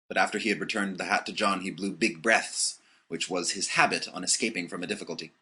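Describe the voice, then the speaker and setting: A man narrating an audiobook with expressive storytelling. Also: sits low, quick pace, husky.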